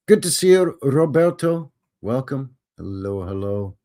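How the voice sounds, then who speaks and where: A man's voice: mid-range voice, sing-song, unhurried, hardly any pauses, warm tone. A man hosting a live show, chatting casually and greeting viewers by name. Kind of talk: casual livestream chat.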